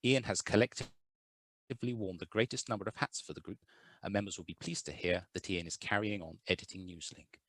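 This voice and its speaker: Deep-voiced man chairing a meeting. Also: fairly even intonation, fairly quick, a bit bright, dry recording. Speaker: chair of a charity AGM. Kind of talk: reading a prepared meeting report. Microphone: video call.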